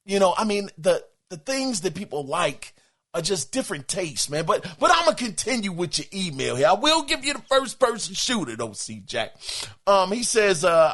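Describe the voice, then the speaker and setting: Male podcast host reading listener mail, lively swinging pitch, bright voice, keeps exclaiming and stammering. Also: normal speed. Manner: animated, exclaiming, laughing, stammering. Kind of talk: casual podcast chat reading listener email.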